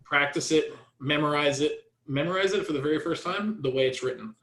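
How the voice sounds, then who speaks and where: Energetic male sales coach, echoey room. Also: on the high side, fairly quick. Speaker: real estate sales coach. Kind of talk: training session.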